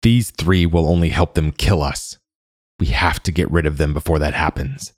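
A man's voice: extremely low pitch, steady tone, no echo, studio quality. A man voicing a cold, cruel general. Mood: cold commanding. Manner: cold, smooth, measured. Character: cold cruel male general, smooth and commanding.

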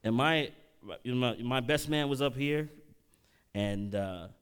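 A man's voice: mid-range voice, slow, clear, resonant tone. A middle-aged man preaching a sermon, telling a personal story and calling out questions to the congregation. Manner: animated preaching, audience call-outs, emotional storytelling. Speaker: pastor.

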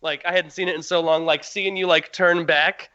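A man's voice: a little high, steady tone, moderate pace, sharp tone, no echo, dull audio. A man telling stories in a casual podcast chat, mocking the people he quotes. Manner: storytelling, mocking impressions of others. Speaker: podcast co-host.

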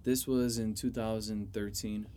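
A man's voice: fairly low pitch, level tone, unhurried, mellow. Laid-back young man, casual swearing. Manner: laid-back, swears freely, lots of "you know". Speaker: chef guest. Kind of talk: casual podcast chat.

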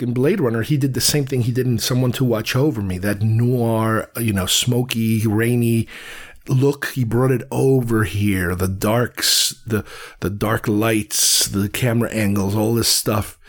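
A man from New York talking casually about films, wandering off on tangents and often restarting his sentences. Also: mid-range voice. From Queens, New York. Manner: digressive, restarts thoughts often. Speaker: film reviewer. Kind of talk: casual film commentary.

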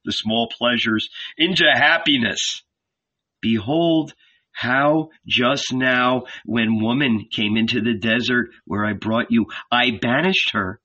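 A calm, insistent archangel, as a man reads him speaks slowly and with measured command, persuading rather than raging. His tone is bright and sits in a muffled, lo-fi audiobook sound. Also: medium pitch. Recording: dull lo-fi recording.

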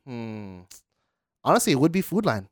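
A man's voice: medium pitch, moderate pace, no room sound, clean studio sound. A man, co-hosting a casual podcast and telling stories by acting out quotes. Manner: animated storyteller acting out quotes. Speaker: podcast co-host. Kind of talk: casual chat.

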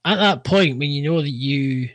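A man interviewing a guest, asking long, halting questions that keep restarting. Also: fairly high pitch, no room sound. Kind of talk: casual interview.

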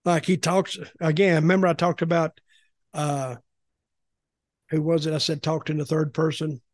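Man, older, rambling, blunt, repeats himself, fairly high voice, dry close sound. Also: flat delivery, moderate pace, no echo. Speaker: podcast guest, former wrestling executive. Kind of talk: casual storytelling chat.

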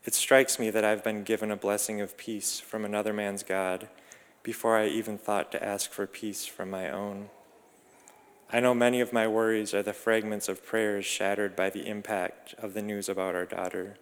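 A man reading a reflective first-person story in a calm, measured, introspective way. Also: on the low side, clear, resonant tone. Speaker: narrator. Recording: long reverb.

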